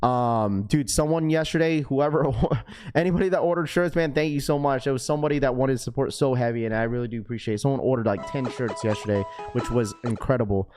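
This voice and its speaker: A man with a raspy voice hosting a sneaker livestream, chatting casually in slang and reading chat messages aloud. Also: mid-range voice, quick pace, darkish tone, faint music behind. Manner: laid-back, slangy, full of fillers.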